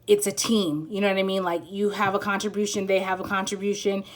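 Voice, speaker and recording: A woman's voice: medium pitch, little pitch movement, fast talker. Woman, tarot reader, casual chat, rambling, giggly, many fillers. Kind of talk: casual pick-a-card tarot reading.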